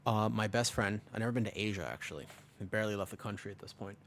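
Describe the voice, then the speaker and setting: A man's voice: fairly low pitch, fast talker, a bit bright, a little hiss or hum. A young man from America, streaming a game and chatting casually with viewers, rambling and joking as he answers chat. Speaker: livestreamer. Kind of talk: casual livestream chat while gaming.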